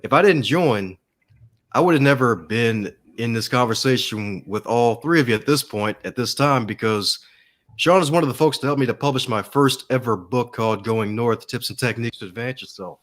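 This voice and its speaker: A man's voice: medium pitch, moderate pace, fairly bright tone. Upbeat guy, motivational vibe, chatty podcast talk. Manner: enthusiastic, motivational. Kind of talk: casual storytelling.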